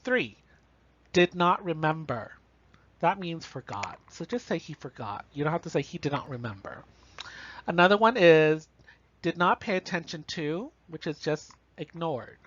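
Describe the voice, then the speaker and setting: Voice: mid-range voice, lively intonation, normal speed, no room sound. Casual college instructor, dull dry recording. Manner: casual, talks through examples with frequent "right?" and "you know". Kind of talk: recorded online lecture on writing.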